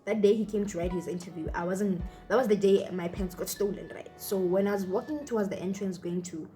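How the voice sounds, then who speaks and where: Young woman, Botswana accent, chatty vlog storyteller, medium pitch, soft music underneath. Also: brisk. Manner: chatty, full of fillers and acted-out quotes. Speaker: YouTuber.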